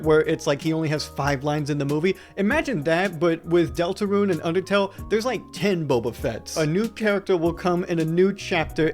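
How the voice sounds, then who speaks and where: A young man narrating a conversational video essay, sarcastic and exasperated, ranting with frequent asides. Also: on the high side.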